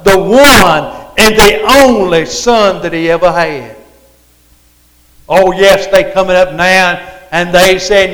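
Slow high-voiced preacher in a hall. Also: male voice, a bit bright. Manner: rambling, repetitive preaching that swells and drops. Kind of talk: sermon. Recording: reverberant hall.

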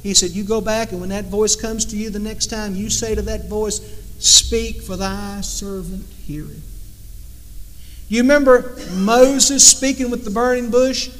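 High-voiced man preaching in a reverberant hall. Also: fairly even intonation, slight background noise. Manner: dynamic preaching, swings from loud emphatic to hushed and slow. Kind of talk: sermon.

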